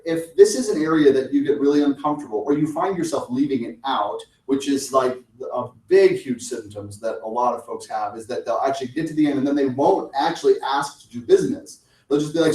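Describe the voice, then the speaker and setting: A man of middle pitch leads a lunchtime sales workshop in a relaxed, conversational way. He often acts out brief back-and-forth lines between seller and client. The sound is roomy, picked up from a distance. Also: brisk, hardly any pauses. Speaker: sales coach. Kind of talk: lunch talk presentation. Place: meeting room. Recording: echoey room, mic at a distance.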